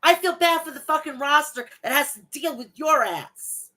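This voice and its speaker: A woman's voice: high-pitched, normal speed, pushed and bright, rough recording. A woman hosting her own wrestling review show, ranting heatedly and bluntly with plenty of swearing. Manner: reads event recap aloud. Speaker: wrestling podcast host.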